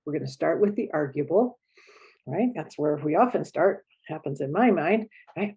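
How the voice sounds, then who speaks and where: Woman coach, lowish husky voice, gentle teaching talk, dull lo-fi sound. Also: lively intonation, normal speed. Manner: gentle, reflective, acts out feelings with groans. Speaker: relationship coach.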